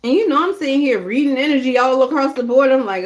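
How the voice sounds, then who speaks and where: A woman's voice: high-pitched, expressive, brisk, noisy background. A woman giving a casual live tarot reading, talking bluntly and chattily straight to her viewers. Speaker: tarot reader.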